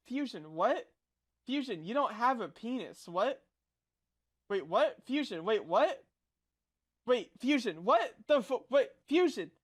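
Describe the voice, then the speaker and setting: A young man streaming as a VTuber, chatting casually with viewers in a rambling, crude, flustered way full of fillers. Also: high-pitched.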